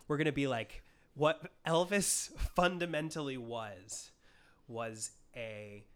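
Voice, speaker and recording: A man's voice: mid-range voice, a little slow, clear, resonant tone. A man co-hosting a casual film talk, joking, swearing and acting out the characters he describes. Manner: animated, jokey, swears, acts out characters in quotes. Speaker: film podcast co-host. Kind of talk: casual chat.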